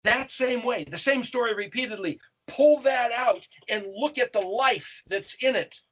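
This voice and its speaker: High-voiced man explaining in lo-fi sound. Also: a little slow, a bit bright, slightly rough. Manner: expounds on Hebrew letters, repeats and restarts phrases. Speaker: host answering viewer questions. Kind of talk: casual explanatory talk.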